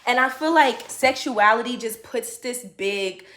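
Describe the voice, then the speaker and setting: A woman's voice: on the high side, a little slow, fairly bright tone, roomy sound. A woman vlogger giving her opinions in a casual chat to camera, with lots of fillers and restarts.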